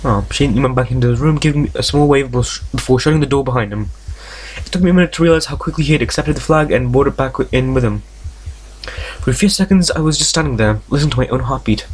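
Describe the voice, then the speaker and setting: Hosting a let's play, a man reads a visual novel aloud, stumbling over the story text and breaking off into jokes, tangents and frequent swearing. His mid-range voice is fast and slightly rough.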